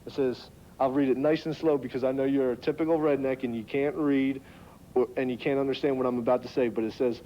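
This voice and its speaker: A man's voice: mid-range voice, steady tone, fairly quick, slight background noise. A man hosting a wrestling talk segment, cutting a mocking heel promo. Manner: taunting, mocking. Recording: lo-fi 1990s TV audio.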